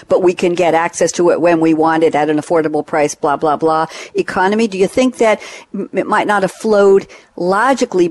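A woman's voice: mid-range voice, darkish tone. A woman hosting and moderating a panel discussion, inviting guests to speak. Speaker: host.

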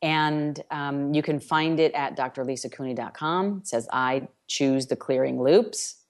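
Emphatic low-voiced woman radio host. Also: measured pace. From New York. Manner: emphatic, incantatory repetitions. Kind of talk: self-help radio monologue.

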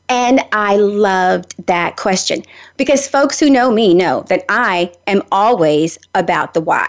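A middle-aged woman from Nashville with a Southern accent, hosting a radio show and telling stories in a talkative, animated way. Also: medium pitch, unhurried, lo-fi sound. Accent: Southern American. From Nashville, Tennessee. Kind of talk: chatty radio monologue.

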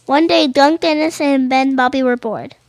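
High-voiced woman reading picture books aloud. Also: moderate pace, no echo. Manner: stumbling and rereading phrases, adding casual commentary. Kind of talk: reading children's books aloud with chatty asides.

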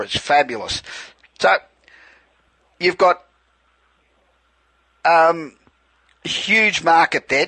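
A man's voice: fairly high pitch, fairly bright tone, dry recording, rough recording. An Australian man hosting a radio interview, gushing with praise in a conversational way. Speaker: radio show host.

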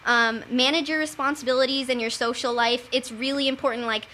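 Bright young woman, chatty. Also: high-pitched, brisk, a little hiss or hum. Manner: chatty, animated storyteller. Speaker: panelist. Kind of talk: casual chat.

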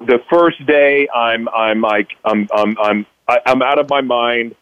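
A man's voice: medium pitch, unhurried, clear, resonant tone, no room sound. A man speaks as a radio guest, recounting his past with energy, often slipping into quoting his own younger self. He repeats words as he restarts his sentences. The line is dry and a little muffled, like an old broadcast. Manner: animated, acts out his past self in quotes, stammers on restarts. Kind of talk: emotional personal storytelling.

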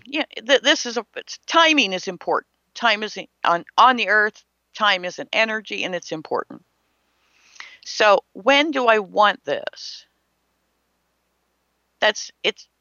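A spiritual teacher delivers an emphatic motivational talk, posing rhetorical questions and acting out imagined people. The medium-pitched voice has a sharp tone, and the dry recording is slightly muffled with no room sound.

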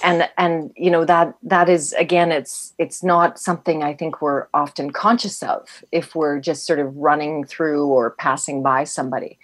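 Thoughtful woman with a lower voice. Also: steady tone, moderate pace, few pauses. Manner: reflective, agreeable, with restarts. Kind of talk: casual conversation.

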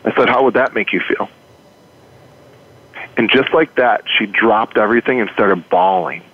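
A man's voice: on the low side, normal speed. A man speaking as a life coach in an interview, earnest, telling a client story with many rhetorical questions and repeated words. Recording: phone-like narrow sound.

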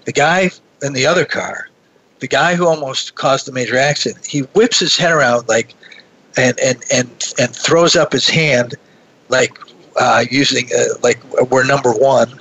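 A man telling a personal story in a relaxed conversation, animated and often restarting his sentences. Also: medium pitch, measured pace, slightly rough, rough recording.

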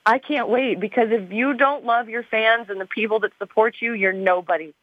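A woman's voice: fairly high pitch, normal speed, dry recording. A woman from Arizona, a TV show star, chatting as a guest in an interview in a bubbly way with many fillers, heard over a tinny phone line. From Arizona, USA. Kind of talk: casual interview chat.

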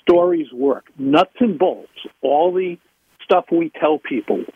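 A man, a public speaking coach, talking in an interview with emphatic, animated leaps in pitch. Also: takes it slowly, husky, no room sound. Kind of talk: interview talk. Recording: tinny phone line.

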